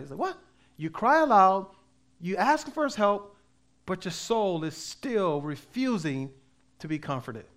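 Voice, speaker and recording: A man preaching a sermon as pastor, with emphatic delivery that swings between loud and soft and slow readings of scripture. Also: sits high, big pitch swings. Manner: reads scripture aloud slowly.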